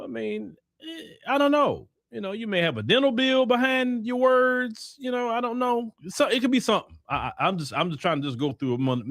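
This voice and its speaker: Texan man, host of a commentary show: lively, swooping delivery, slightly high voice, dry close sound, emphatic and preachy. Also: dry recording. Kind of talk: commentary monologue.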